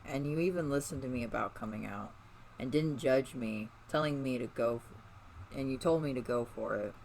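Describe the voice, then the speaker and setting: A man voicing a cheerful, caring young woman in a read-aloud fan story, raising his voice higher for her. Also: moderate pace, creaky, darkish tone, a little hiss or hum, natural voice, rough recording. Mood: gentle.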